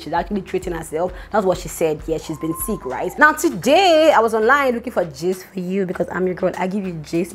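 A young woman with a Nigerian accent, chatting animatedly to her viewers about celebrity gossip. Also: medium pitch. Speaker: vlogger. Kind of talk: casual gossip commentary.

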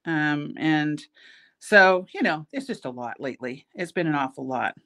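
A woman's voice: deep voice, lively intonation, normal speed, fairly bright tone. A middle-aged woman leads a casual beading tutorial from her shop. She chats freely between steps and pokes fun at herself as she works. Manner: chatty, self-mocking, laughs at her own jokes. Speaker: host, bead shop owner teaching a craft. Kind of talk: casual craft tutorial with chatty asides.

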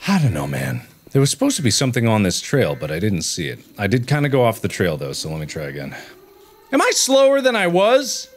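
A man in his thirties hosting a let's play, talking to himself through a horror game and breaking into high yelps and shouts. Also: fast, few pauses. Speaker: gaming video host. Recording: steady background noise.

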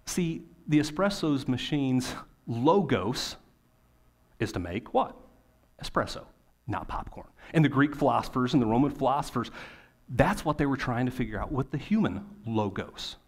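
A man, a pastor, preaching a sermon in a conversational way, with rhetorical questions and emphatic pauses. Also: medium pitch, lively intonation.

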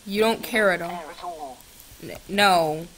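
In a casual chat with a chatbot, a young woman vlogger talks sarcastically, veering between shrieks and mutters. Her voice sits on the low side, slow and fairly bright, captured by a computer's built-in mic.

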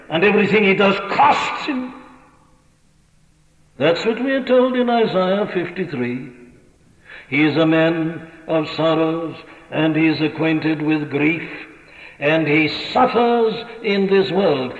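Welsh preacher in an echoing hall. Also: male voice, a little high, animated, a little slow. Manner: rhetorical, questioning the congregation. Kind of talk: sermon. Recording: old lo-fi radio recording in a reverberant hall.

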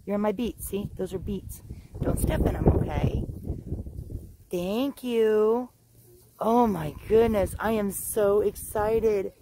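A woman homestead vlogger chatting outdoors in her garden, gushing and exclamatory, with drawn-out words. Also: medium pitch, background noise. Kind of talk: casual excited vlog.

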